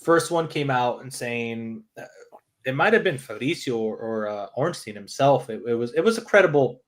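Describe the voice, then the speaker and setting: A man co-hosting a football podcast, speaking in a middle-pitched voice. He talks bluntly and heatedly, swearing freely as he goes and often restarting his sentences. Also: lively intonation, moderate pace. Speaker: podcast co-host. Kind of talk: casual chat.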